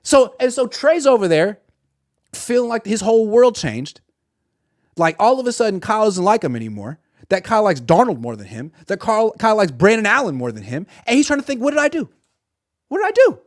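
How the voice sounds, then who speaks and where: A man's voice: high-pitched, very animated, a little fast, no echo, studio quality. A man giving a sarcastic sports commentary monologue and acting out imagined dialogue.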